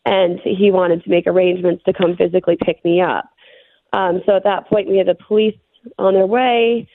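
A middle-aged woman being interviewed, recounting a frightening experience in a shaken, halting way with many fillers. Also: on the low side, fairly even intonation, dry recording. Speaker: interview guest. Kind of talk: telling a personal story. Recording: phone-line interview audio.

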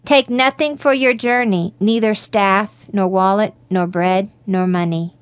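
A woman's voice: mid-range voice, steady tone, clean tone, no room sound, lightly acted. A woman reading as a tearful old priest. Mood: solemn. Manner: slow, solemn, sighing. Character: tearful solemn male village priest. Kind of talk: read-aloud story.

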